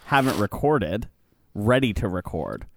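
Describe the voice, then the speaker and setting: A man's voice: on the low side, big pitch swings, measured pace, vocal fry, slight background noise. A man co-hosting a podcast in casual, joking banter, laughing often and swearing freely. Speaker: podcast co-host.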